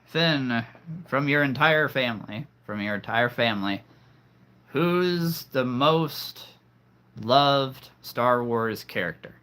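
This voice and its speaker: A male streamer chatting casually to his live audience. He rambles from thought to thought, full of fillers and restarts. His voice has a bright, forward ring. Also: mid-range voice, takes it slowly, clear, resonant tone.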